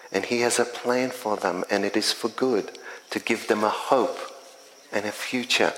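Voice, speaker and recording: A middle-aged man, a chaplain, shares his testimony in a slow, earnest, measured voice that sits fairly low. The sound carries a long hall reverb with faint ambience underneath. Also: a bit bright, a little hiss or hum. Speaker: community chaplain. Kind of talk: spoken testimony.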